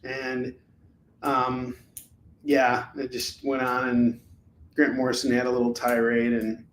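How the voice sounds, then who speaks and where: A man's voice: medium pitch, completely flat delivery, takes it slowly, slight background noise. A man hosting a live comic-book sale stream, rambling and joking with lots of fillers from a room at home. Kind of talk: casual live-stream selling chat. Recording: echoey room.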